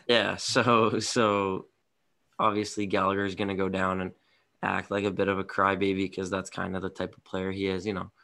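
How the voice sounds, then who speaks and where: Casting note: low, flat male voice with a bright edge, tired, blunt podcast co-host. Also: normal speed, gravelly. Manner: rambling, blunt opinions. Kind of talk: casual hockey podcast chat.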